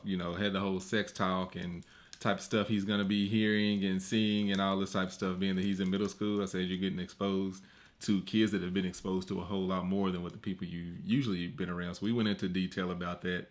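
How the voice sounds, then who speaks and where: Guy in his 30s on a podcast, kinda low voice, telling stories about his kids and doing their voices all animated. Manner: animated storyteller, acts out quotes in high voices. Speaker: podcast co-host. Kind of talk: casual chat.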